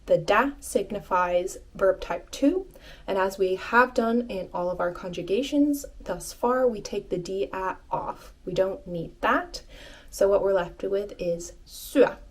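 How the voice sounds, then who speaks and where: A woman teaches an online language lesson in an unhurried, deliberate rhythm. She repeats each phrase carefully, patient and encouraging, at a mid-range pitch.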